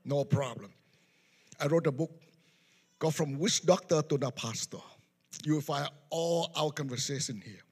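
A man's voice: a little high, normal speed, pauses often, darkish tone, breathy edge. A man preaching a testimony in simple, non-native English, recorded with echo in a church hall. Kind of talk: sermon testimony storytelling.

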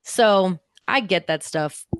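Brief: female guest, deep low voice, blunt storyteller, dry close mic. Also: takes it slowly, clean tone, no room sound. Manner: direct and candid, telling stories with laughter. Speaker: podcast guest. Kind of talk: casual podcast conversation.

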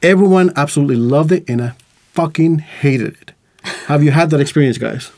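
A man's voice: a little high, fairly quick, dark tone. A man co-hosting a podcast in a studio, chatting casually, hesitant and often laughing. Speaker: podcast co-host. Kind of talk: casual chat. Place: recording studio.

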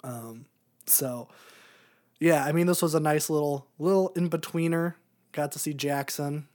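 A man co-hosting a podcast in casual chat, rambling, laughing often and trailing off into quiet filler words. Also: on the high side, a little slow. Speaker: podcast co-host.

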